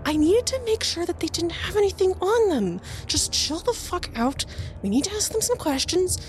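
A woman's voice: extremely high pitch, very animated, normal speed, pitched above the performer's own voice. A woman voicing two nervous jailers in a tense argument. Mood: harsh whispered argument.

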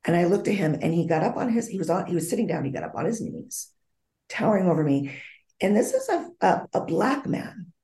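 A woman's voice: lowish voice, very animated, a little fast, mellow, roomy sound. A woman being interviewed as a psychic medium, telling a story vividly, acting out the dialogue and often restarting her sentences.

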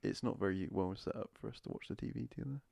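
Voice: low voice, quick pace, gravelly, warm tone, no echo. A co-host chatting on a casual home podcast, easygoing and joking. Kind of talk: casual chat. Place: home living room.

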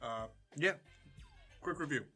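A man's voice: fairly high pitch, unhurried, bright, forceful tone, slightly rough, soft background music. A man co-hosting a podcast, rambling through beer reviews with lots of fillers and laughs. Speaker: podcast co-host. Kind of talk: casual chat.

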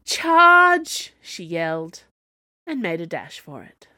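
A woman's voice: sits low, big pitch swings, unhurried, dry recording, clean studio sound. Woman narrating her own serialised fiction. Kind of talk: scripted narration.

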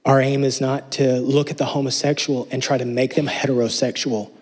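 A man's voice: mid-range voice, level tone, fairly quick, darkish tone. A man preaching a sermon, earnest and emphatic, asking his listeners rhetorical questions. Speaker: pastor.

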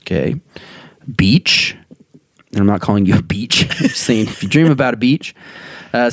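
A man's voice: fairly low pitch, darkish tone, dry recording. A man hosting a podcast, reading dream meanings aloud in a casual, jokey way and laughing often. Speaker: podcast host.

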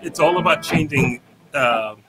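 A man's voice: on the high side, unhurried, loud music behind the voice. A man guest in a casual interview, explaining at an easy pace with plenty of fillers and spoken examples. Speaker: guitarist guest.

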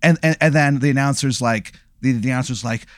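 A man's voice: medium pitch, brisk, no room sound, studio quality. A man casually spinning a made-up scenario, full of fillers and restarts, as a podcast co-host. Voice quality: rambling, filler-heavy storytelling. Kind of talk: casual comedic chat.

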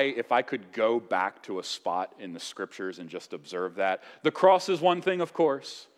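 A male pastor preaching a sermon in a conversational style, now and then building to loud, emphatic passages. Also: mid-range voice, big-room sound. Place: church.

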